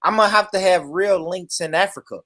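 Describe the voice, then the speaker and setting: A man telling joking stories in casual podcast banter, animated and playful. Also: high voice, brisk.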